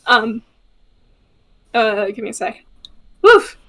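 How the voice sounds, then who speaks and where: High-voiced woman narrating a role-play. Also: takes it slowly. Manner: hesitant, full of fillers.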